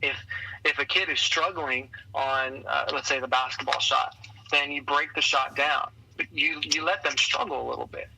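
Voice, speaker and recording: A man being interviewed on a podcast as a leadership coach, telling lively stories and acting out the voices of the people in them. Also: medium pitch, normal speed, vocal fry, husky, dry recording, poor audio. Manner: energetic storyteller who acts out quoted voices. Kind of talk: conversational interview.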